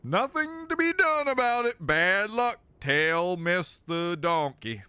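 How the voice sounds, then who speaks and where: A man plays a gruff, stubborn ship captain with a lazy Southern drawl, brushing off every plea. The voice is bright and swings widely in pitch. It is a let's-play character voice. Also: big pitch swings, slow, dry recording, exaggerated voice. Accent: Southern US drawl, put on. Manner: drawling, dismissive.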